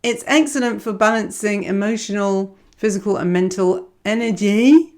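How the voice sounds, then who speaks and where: A woman's voice: mid-range voice, moderate pace, a little mellow. A woman giving a casual astrology reading, rambling and self-mocking. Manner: rambling, digressive, self-mocking, laughs often.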